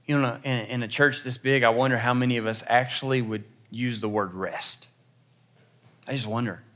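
A young man preaching a sermon in a church, telling a personal story in a conversational, self-deprecating way, moving between hushed, slow stretches and loud, animated bursts. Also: mid-range voice. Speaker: pastor.

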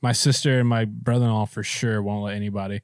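A man's voice: lowish voice, little pitch movement, fast talker, no room sound, studio quality. A man co-hosting a podcast in casual chat, loose and profane, laughing often as he banters. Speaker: podcast co-host.

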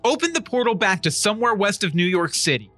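A man's voice: high-pitched, sing-song, quick pace, over music. An actor playing a brash, crude, blustering TV newsman in a comedic audio play. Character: brash profane male TV newsman.

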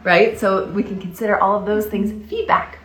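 A woman co-hosting a casual parenting podcast, acting out what parents and kids might say in quick asides. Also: mid-range voice, steady tone, fairly bright tone, roomy sound, slight background noise. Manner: acts out parent and child quotes in quick asides.

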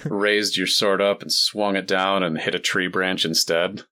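Guy running a d&d game, really deep voice, chill and rambly. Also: a little slow. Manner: relaxed, explains rules with fillers. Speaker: dungeon master. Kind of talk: narrating a tabletop game.

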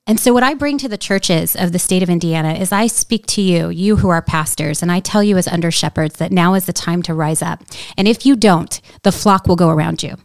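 A woman's voice: on the low side, a little fast, vocal fry, few pauses, no room sound. Earnest woman telling a story. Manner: earnest, storytelling, preacher-like emphasis. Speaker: guest. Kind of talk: casual conversation, testimony.

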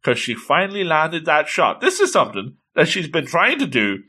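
A man's voice: a little high, huge pitch swings, moderate pace, sharp tone, husky. A man casually retelling a comic chapter with enthusiasm, often exclaiming in delight. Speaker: manga reviewer.

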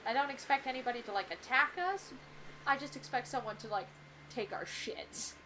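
A woman's voice: on the high side, normal speed, pushed and bright, a little hiss or hum. A woman playing a tabletop game, speaking in a laid-back, blunt way. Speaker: player. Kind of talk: casual tabletop play.

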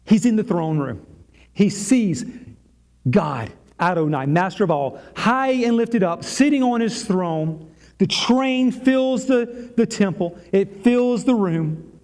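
Man, pastor, sermon, high voice, warm mellow tone, dramatic pauses, repetition. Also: lively intonation.

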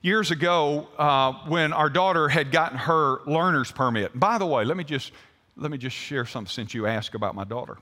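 An older man preaches a sermon in a folksy style, turning to the congregation with questions. His voice is bright and sits a little high. It rings with long reverb from the church hall. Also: normal speed. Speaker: pastor. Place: church sanctuary.

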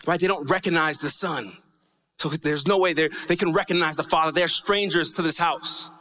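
A man's voice: fairly high pitch, steady tone, moderate pace, bright, forceful tone. A man preaching a sermon as pastor, talking conversationally with frequent "right?" asides and a lilting, sing-song cadence on key lines. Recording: long reverb of a large hall.

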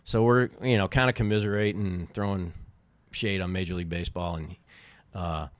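A man's voice: sits low, steady tone, a little fast, no room sound. A middle-aged man telling stories in a casual podcast chat, laughing often and acting out the people he quotes. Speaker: podcast guest, former baseball team co-owner.

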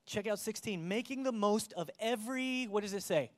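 Preaching a dynamic sermon in church before a live congregation, a pastor speaks at medium pitch and moderate pace. He alternates between loud emphasis and hushed tones, engaging listeners with direct questions.

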